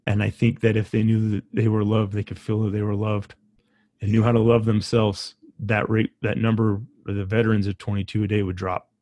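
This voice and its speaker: Low flat-voiced guy hosting a podcast, emotional and halting, dry close mic. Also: dry recording. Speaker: podcast host. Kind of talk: casual conversation.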